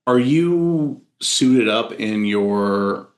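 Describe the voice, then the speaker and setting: A man narrating as game master of a tabletop horror game, halting with many fillers and restarts. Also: medium pitch, animated, roomy sound.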